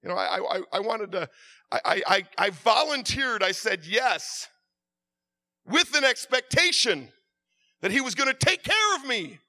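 A man preaching a sermon with passion, stammering and repeating words, swinging from hushed confession to loud outbursts. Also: high voice, big pitch swings, unhurried, no room sound.

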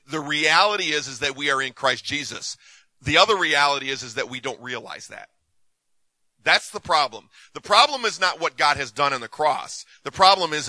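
Male preacher, storytelling sermon, very bright voice, dry and close. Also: mid-range voice, no room sound, low-quality recording. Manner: conversational, repeats words, acts out dialogue.

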